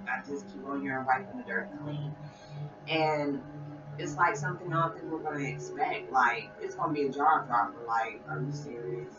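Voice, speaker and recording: A woman talking casually to her viewers in a spiritual vlog, rambling and repeating phrases as she addresses them directly. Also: sits low. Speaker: spiritual vlogger. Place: at home, listening to music. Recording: roomy, distant, dull sound with music. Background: music playing.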